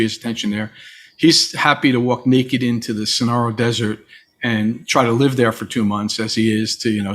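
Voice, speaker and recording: A man guest in a reflective conversation, telling stories and acting out the voices of people he quotes. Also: medium pitch. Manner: storytelling, acts out quoted voices. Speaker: interview guest.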